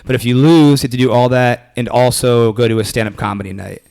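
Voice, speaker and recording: A young man talks quickly, piling up fillers and restarts as he spins a story. His pitch sits in the middle for a man, and he tells it as a comedian in a loose, casual interview. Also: gravelly. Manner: rambling, animated, lots of fillers and restarts. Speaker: comedian guest.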